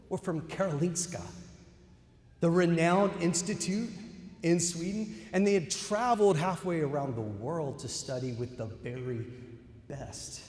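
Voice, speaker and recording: A man's voice: mid-range voice, darkish tone. A middle-aged man giving a ceremony keynote speech, telling a story and addressing the audience as y'all. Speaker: keynote speaker. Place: large hall. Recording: echoey hall with long reverb.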